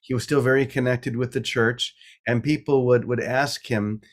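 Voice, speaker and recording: A middle-aged man with a mid-pitched voice speaks as a guest priest. He talks in a reflective, storytelling way and laughs easily. His pace is relaxed and unhurried. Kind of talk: casual spiritual talk.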